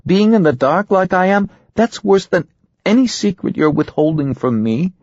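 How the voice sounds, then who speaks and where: Male narrator playing a forthright, worried wife, lifted high, husky and earnest, dry sound. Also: animated, moderate pace, darkish tone, dry recording, dull audio. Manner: earnest, pleading. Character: worried, forthright middle-aged Iowan wife.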